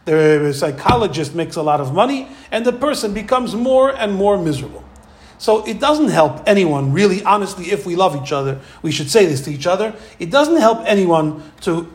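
High-voiced animated male Torah teacher. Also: moderate pace. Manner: animated storyteller acting out quoted voices. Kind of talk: Torah lecture.

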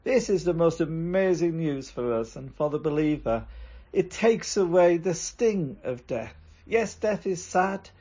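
A pastor preaches in an earnest, emphatic way. His voice sits a little high for a man. The recording sounds dull and lo-fi. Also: lively intonation, unhurried, mellow, slightly rough. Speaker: pastor leading the service. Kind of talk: sermon.

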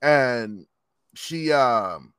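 A man telling a long story in casual chat, animated and profane, acting out the quotes. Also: medium pitch, extremely slow, smooth, dry recording, clean studio sound.

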